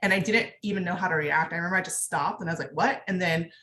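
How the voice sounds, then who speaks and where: A woman's voice: fairly low pitch, fairly even intonation, racing, a bit bright, slight background noise. Candid young woman in an echoey room. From Texas. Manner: candid, conversational, many fillers. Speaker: veterinarian panelist. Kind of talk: panel discussion, personal account.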